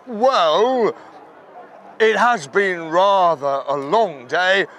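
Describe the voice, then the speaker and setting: A man voicing God as a weary, faintly pompous figure speaking slowly and softly over music. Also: some chatter behind, exaggerated voice. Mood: sheepish. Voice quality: deep, slow, mournful.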